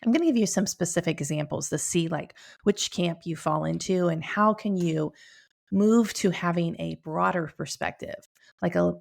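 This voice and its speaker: A woman's voice: fairly low pitch, gravelly. A middle-aged woman hosting her podcast in casual, chatty talk, upbeat and laughing often, speaking from a room at home. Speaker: podcast host.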